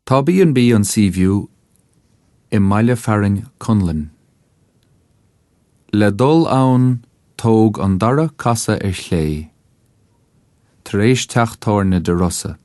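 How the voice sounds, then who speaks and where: An Irish man narrates a language lesson in a low, unhurried voice, giving each phrase slowly so learners can repeat it. His tone is warm and relaxed, and the recording is close and dry with no room sound. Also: dry recording. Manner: slow, careful enunciation for repetition. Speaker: language teacher.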